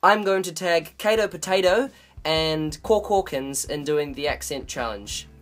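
A man's voice: on the high side, measured pace, a bit bright, soft background music. A young man from New Zealand with a mixed New Zealand accent, hosting a comedic vlog with jokey, self-mocking asides. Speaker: video host.

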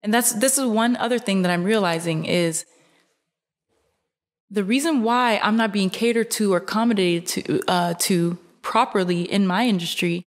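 A young woman, a fashion model, talking casually to camera from her couch, earnest and animated, her pitch jumping up on emphasis, with many fillers. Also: normal speed. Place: indoors, seated on a couch.

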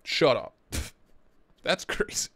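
A man hosting a casual livestream, talking in an excitable, slangy way and swearing freely. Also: extremely slow. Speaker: livestream host.

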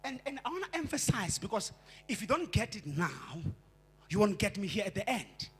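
A man's voice: sits high, very animated, normal speed, husky. A male pastor with a Xhosa accent preaching a fervent sermon, repeating and stammering into his points and mixing English with isiXhosa. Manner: switches between English and isiXhosa. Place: church.

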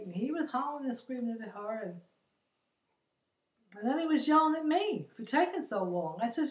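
A woman's voice: fairly high pitch, expressive, moderate pace, pauses often. Chatty older woman, roomy distant sound. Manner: chatty, exasperated, quotes others in her retelling. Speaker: vlogger. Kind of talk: casual storytelling monologue. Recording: roomy echo, distant from the mic.

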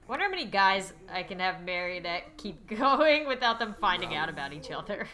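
A woman's voice: mid-range voice, very animated, pushed and bright, faint music behind. A young woman narrating a life-sim game as a Let's Play host, playfully voicing her characters. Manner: playful, voices her characters in quick asides. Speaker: gaming YouTuber.

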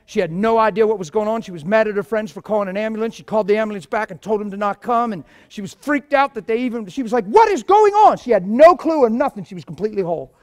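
A man preaching a sermon and telling stories, swinging from low murmurs to loud shouts. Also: animated, quick pace, hardly any pauses. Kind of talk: sermon with testimonies.

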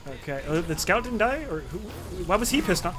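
A young man giving excitable, swearing, self-mocking commentary while he plays a game. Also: high-pitched, fairly quick. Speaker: gamer. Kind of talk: casual gameplay commentary.

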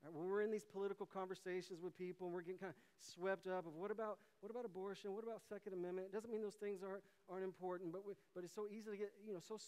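Animated man preaching in an echoing hall. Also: sits high, very fast, hardly any pauses, clean tone. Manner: animated, acts out quotes with big swings in volume. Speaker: pastor. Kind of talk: sermon. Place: church sanctuary.

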